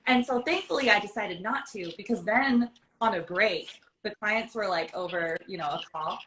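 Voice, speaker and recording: This is a woman voice actor in casual chat, spinning animated stories and quoting people as she goes. She laughs often, her voice sitting at an ordinary middle pitch. Faint noise runs under her speech. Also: moderate pace, low-quality recording. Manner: animated storyteller who acts out dialogue and laughs often. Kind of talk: casual chat, telling anecdotes.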